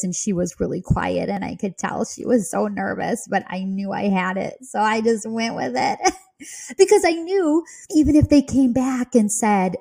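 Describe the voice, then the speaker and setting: A woman who works as a real estate agent, telling a story on a podcast in a chatty, animated way and giggling often. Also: mid-range voice, measured pace, gravelly, breathy edge.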